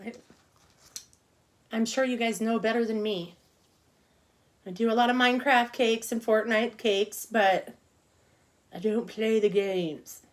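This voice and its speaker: A woman's voice: a little high, steady tone, a little slow, pauses often. A middle-aged woman teaching an online cupcake decorating class, chatting casually and talking to herself as she works. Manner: chatty, talks to herself while working, soft murmurs.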